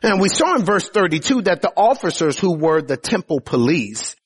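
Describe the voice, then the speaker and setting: A man preaching a sermon, teaching through scripture verses, often opening phrases with "oh" and climbing to emphatic highs. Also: moderate pace, breathy edge. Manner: lively preaching, rising to emphatic highs, many "oh" openers.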